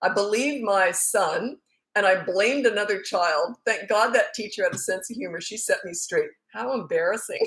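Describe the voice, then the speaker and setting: A middle-aged woman coaching parents in a relaxed livestream chat, her voice in an ordinary middle register. She talks in a loose, storytelling way, often breaking into laughter. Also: mid-range voice, moderate pace.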